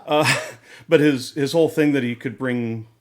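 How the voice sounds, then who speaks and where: A man's voice: medium pitch, measured pace, a crowd in the background. A man hosting a casual hobby podcast, talking loosely with fillers and restarts. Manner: rambling, many restarts and fillers. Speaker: podcast host.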